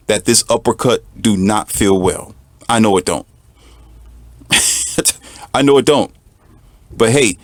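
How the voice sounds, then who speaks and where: A man delivering an emphatic, preachy monologue, repeating lines for effect and mocking others in a high put-on voice. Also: dry recording, clean studio sound. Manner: mocks others in a high mincing voice. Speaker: commentator. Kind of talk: monologue to the camera.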